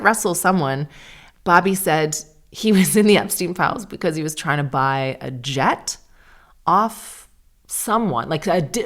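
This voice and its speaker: A woman in her forties hosting a solo podcast, candid and chatty with sarcastic asides. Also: sits low. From Canada. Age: 40s. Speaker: podcast host. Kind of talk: casual solo podcast chat.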